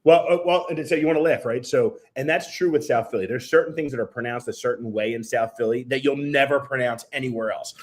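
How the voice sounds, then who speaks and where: Fast-talking animated male podcast host. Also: medium pitch. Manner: animated storyteller, rapid-fire asides. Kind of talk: casual podcast chat.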